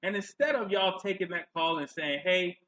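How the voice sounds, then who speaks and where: A man delivers a mocking, profane commentary rant in a bright, forceful voice that sits a little high. His microphone clips, set a bit away from his face. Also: lively intonation, fairly quick, rough recording. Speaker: commentary vlogger. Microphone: clipping mic held away from face.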